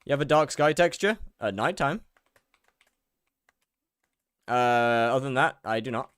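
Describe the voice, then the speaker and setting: A man's voice: medium pitch, unhurried, a bit bright, smooth, dry recording, clean studio sound. Rambling young man streaming a game. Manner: rambling, repeats words, answers chat. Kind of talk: casual gameplay streaming chat.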